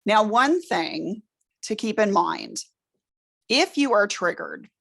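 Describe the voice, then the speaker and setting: A middle-aged woman leading a room through a guided relaxation exercise, giving slow, soothing instructions. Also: mid-range voice, animated, creaky, a bit bright. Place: presentation room with an audience.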